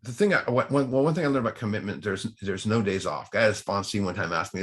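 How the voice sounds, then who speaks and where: A man's voice: lowish voice, fast, few pauses, fairly bright tone. A man speaking to a recovery study group in a casual, rambling way with many restarts. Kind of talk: casual talk.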